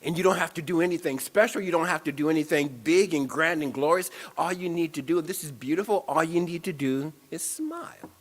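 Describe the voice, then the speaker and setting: Guy preaching at a spiritual center, kinda high voice, keeps circling back to phrases. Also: lively intonation, a little fast, hardly any pauses. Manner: warm, playful preaching with affirmations and repeated phrases. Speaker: spiritual speaker. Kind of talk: sermon.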